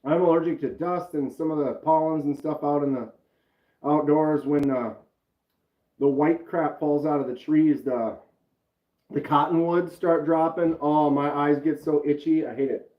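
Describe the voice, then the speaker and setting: Speaking at a measured pace, this man has a fairly high voice with fairly even intonation. He runs a knife channel and rambles casually on a live stream, calling out chat viewers by name. The audio is roomy with a slightly dull quality.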